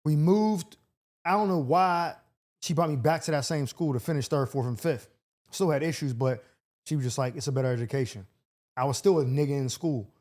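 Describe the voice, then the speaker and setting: A man's voice: fairly high pitch, brisk, a little mellow. A young adult man hosting a podcast in casual chat, talking loosely and rambling. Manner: loose, rambling, full of fillers and restarts. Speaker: podcast host.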